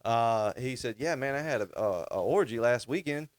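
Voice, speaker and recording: A man's voice: medium pitch, animated, normal speed, no room sound, studio quality. A man co-hosting a podcast, telling long stories in a rambling casual way with many restarts. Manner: rambling storyteller, restarts often. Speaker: podcast co-host. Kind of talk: casual chat.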